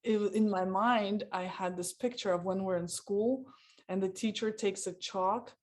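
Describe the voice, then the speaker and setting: A woman in her forties on a casual podcast, telling a family story in a halting way with many fillers. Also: mid-range voice, darkish tone.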